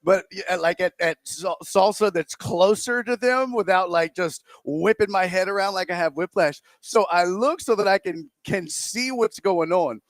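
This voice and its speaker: A man co-hosting a sports talk radio show, telling a rambling, animated anecdote with acted-out quotes into a close studio microphone. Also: high-pitched, moderate pace, few pauses, no room sound.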